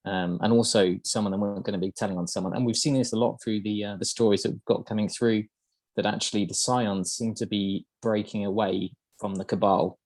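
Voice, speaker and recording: A man's voice: on the low side, steady tone, brisk, darkish tone, dry recording. A man hosting a podcast, explaining game lore in casual chat, hesitant and full of ums and uhs. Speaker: podcast host.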